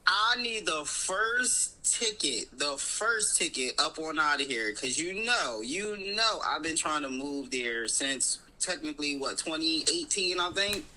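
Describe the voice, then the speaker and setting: A man's voice: a little high, expressive, unhurried, few pauses, bright, forceful tone, slight background noise, low-quality recording. A man co-hosting a casual podcast, playful and teasing, swearing freely. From United States. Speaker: podcast co-host.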